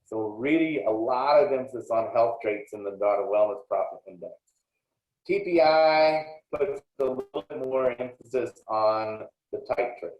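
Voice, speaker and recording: A man's voice: medium pitch, normal speed. Man, extension lecturer, explanatory and plainspoken; roomy, dull recording. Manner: plainspoken and explanatory, with frequent small restarts.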